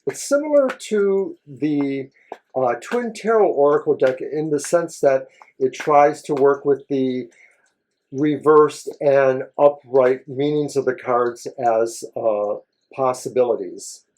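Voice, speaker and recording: A man co-hosting a tarot reading show, talking through the cards in a measured, thoughtful way. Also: mid-range voice, darkish tone. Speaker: co-host tarot reader. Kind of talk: casual tarot reading chat.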